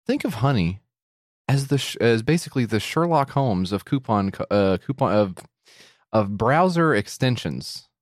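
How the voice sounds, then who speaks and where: Reading a sponsor ad at a moderate pace, a man co-hosting a comedy podcast uses lively intonation in his mid-range voice. He riffs and cracks jokes, wandering off-script, in a clean, echo-free studio recording.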